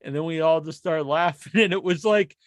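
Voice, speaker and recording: A man co-hosting a podcast in casual chat, an animated storyteller who laughs often and acts out sounds. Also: fairly high pitch, fairly quick, dry recording, clean studio sound. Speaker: podcast co-host.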